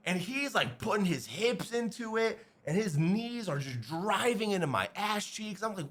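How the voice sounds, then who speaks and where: A man streaming live, telling chat a crude, animated story full of swearing. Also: high-pitched, normal speed, few pauses.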